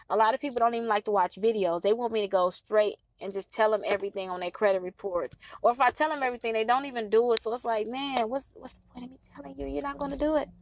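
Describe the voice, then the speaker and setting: A woman in her thirties coaching on credit repair in a casual, chatty talk to her followers, pleading and emphatic. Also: fairly high pitch. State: stuffy nose from allergies.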